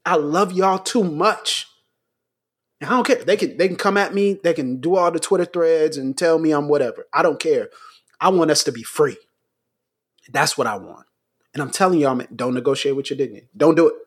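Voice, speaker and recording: A man's voice: a little high, moderate pace, slightly rough. A man co-hosting a podcast, speaking with preacher-like intensity and urgent, rising appeals. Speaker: podcast co-host. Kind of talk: impassioned commentary.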